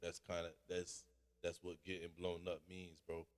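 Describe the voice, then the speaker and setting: A man's voice: low-pitched, completely flat delivery, moderate pace, clear, resonant tone, big-room sound. A man hosting a casual song review, blunt and full of slang, calling everyone bro. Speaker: host reviewing submitted songs.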